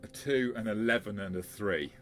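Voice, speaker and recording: A man's voice: on the low side, moderate pace, soft background music. A man running a tabletop game as game master, talking things through with frequent fillers. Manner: hesitant, with fillers and restarts.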